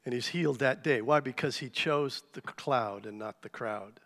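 A man preaching a sermon to a church congregation, telling a story with lively, animated delivery. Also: mid-range voice, moderate pace. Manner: animated storytelling, acts out shouted cries. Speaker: pastor. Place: church sanctuary. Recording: live church hall reverb.

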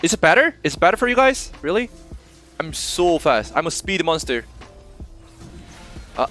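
A young man from South Korea with a Korean accent, chatting casually with viewers while streaming a game, excitable and often laughing. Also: a little high, normal speed, soft background music. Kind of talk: casual gameplay stream chat.

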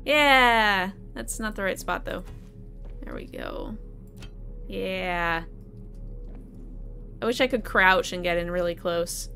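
A woman's voice: medium pitch, takes it slowly, vocal fry, pauses often, bright, forceful tone, faint music behind. A young adult woman from New England chatting casually as she plays a game live and talks to her chat, laughing often. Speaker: streamer. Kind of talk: live gameplay commentary.

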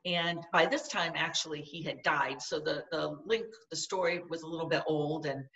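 A woman's voice: sits low, fairly even intonation, moderate pace, a bit bright, far from the mic, dull audio. A woman guest in an interview, telling a personal story in an earnest, vivid way. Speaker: podcast guest.

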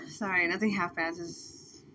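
A young woman vlogger reacting to a horror VR video, jittery and slangy, with nervous laughs, swinging from hushed talk to yelling. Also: on the low side, fairly even intonation, takes it slowly, slight background noise.

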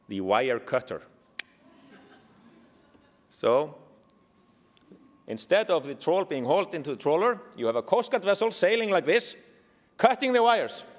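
A man with an Icelandic accent giving a keynote speech, telling stories with dry humor. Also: on the high side. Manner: lively storytelling with dry humor. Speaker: keynote speaker. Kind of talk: speech to an audience. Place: large museum hall. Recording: echoey hall reverb.

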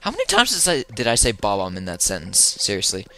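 A man giving casual, rambling, jokey gameplay commentary from home, breaking into loud excited yelps. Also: fairly low pitch, fast talker. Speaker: let's player. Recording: video game music playing behind.

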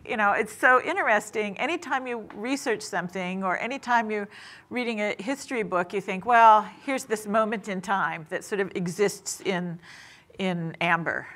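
Bright-voiced chatty woman storyteller. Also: medium pitch. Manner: chatty, laughing, many fillers and asides. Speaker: guest author. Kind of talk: casual storytelling talk. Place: senior center event room.

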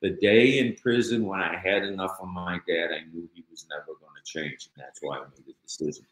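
Low-voiced blunt man telling his story. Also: steady tone, brisk, roomy sound, rough recording. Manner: blunt street-talking, many "you know" fillers. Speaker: guest. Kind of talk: personal storytelling in an interview.

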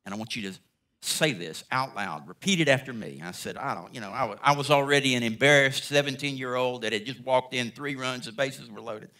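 Guy preaching, bright voice, tells his story like a storyteller, acts out the lines. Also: medium pitch, a little fast. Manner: animated storyteller, acts out dialogue. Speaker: guest speaker. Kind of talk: sermon storytelling.

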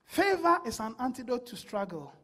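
Woman preacher, high voice, call-and-response delivery. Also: sing-song, normal speed, fairly bright tone. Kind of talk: sermon.

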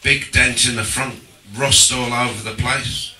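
A man doing a stand-up comedy set on a social club stage, deadpan, slow and deliberate with pauses. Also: medium pitch, a little hiss or hum. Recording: roomy live club recording from a distance.

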